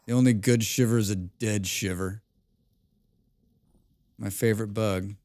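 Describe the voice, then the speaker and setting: A man's voice: on the low side, steady tone, a little slow, a little mellow, no echo. A man live-streaming a survival game, chatting casually with his viewers and repeating his own phrases. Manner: chatty, talks to himself and chat, repeats phrases.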